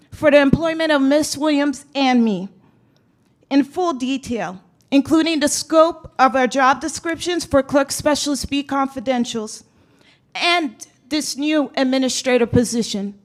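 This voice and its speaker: A woman clerk reading a prepared statement to a school board in a formal, measured way. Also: high voice. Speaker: public records clerk, public commenter.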